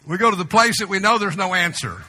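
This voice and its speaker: A male pastor preaching a sermon in a church, conversational with humorous asides, sometimes dropping to a soft, slow voice. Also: high voice. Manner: drops to a soft, slow voice for tender moments. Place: church sanctuary. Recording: long reverb of a large hall.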